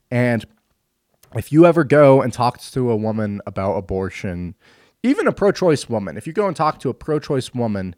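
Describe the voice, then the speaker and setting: A man delivering an opinion monologue, forceful and full of rhetorical questions. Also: medium pitch, no room sound, clean studio sound. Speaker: commentator.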